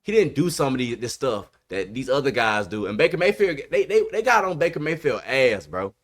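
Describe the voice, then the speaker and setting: A man's voice: mid-range voice, sing-song, fairly quick. Emphatic man talking sports on a podcast. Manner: emphatic, repeats himself, says bro a lot. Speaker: podcast host. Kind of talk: casual sports chat.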